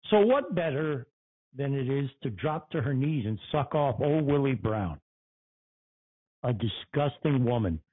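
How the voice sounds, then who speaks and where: A man's voice: medium pitch, animated, a little slow, slightly rough. A man hosting his own talk show, ranting furiously and profanely, repeating phrases for emphasis. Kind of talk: angry political rant. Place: Connecticut. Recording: tinny phone-like sound.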